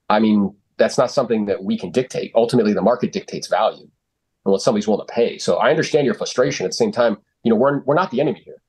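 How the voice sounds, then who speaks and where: Husky guy coaching agents, super blunt and sure of himself, drops f-bombs. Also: mid-range voice, a little mellow. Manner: blunt, confident, profane, lots of fillers. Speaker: real estate sales coach and podcast host. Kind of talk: coaching talk on sales calls.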